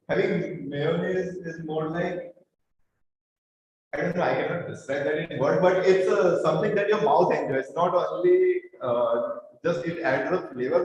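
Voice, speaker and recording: A man's voice: on the high side, a little mellow. A man giving an impromptu short speech, hesitant and full of fillers, over a video call. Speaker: meeting participant. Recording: echoey, distant and muffled.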